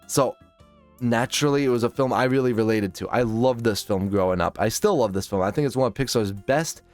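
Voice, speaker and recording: A man's voice: medium pitch, brisk, faint music behind. Profane young man ranting about films. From Minnesota, United States. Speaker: film reviewer. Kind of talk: casual opinionated ranking monologue.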